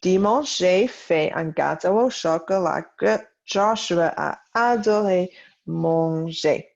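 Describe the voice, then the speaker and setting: A woman who speaks natively, teaching French in a recorded online lesson, slow and deliberate as she models each sentence. Her voice sits on the low side with a gravelly fry. The audio is dull and lo-fi. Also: darkish tone. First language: English.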